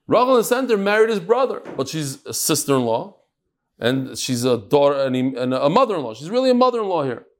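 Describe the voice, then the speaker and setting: Animated man teaching Talmud. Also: a little high, a little fast. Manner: mixes Yiddish-Hebrew terms into English, acts out dialogue.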